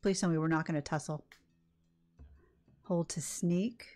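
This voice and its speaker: A woman's voice: sits low, fairly even intonation, unhurried, dark tone, soft background music. An older woman hosting a gaming video, chatting casually and reacting emotionally as she plays. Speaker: gaming channel host. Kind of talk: casual let's-play commentary.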